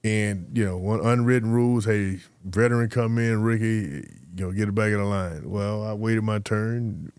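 Animated man telling stories. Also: lowish voice, normal speed, few pauses, smooth, no echo. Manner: animated storyteller who acts out quotes. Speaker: guest, former pro football player. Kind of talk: casual interview storytelling.

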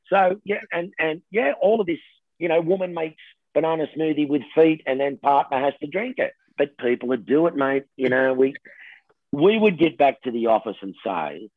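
A middle-aged Australian man, a television host, telling stories in a lively casual chat and laughing often. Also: fairly high pitch, moderate pace, no echo. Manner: animated storyteller, laughs often, says mate. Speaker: TV host guest. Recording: tinny phone line, dry.

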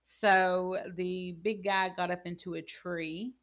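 A woman's voice: fairly low pitch, little pitch movement, slow, a bit bright. A woman in casual gaming chat, telling rambling stories full of "like" and "you know.". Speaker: gaming channel co-host.

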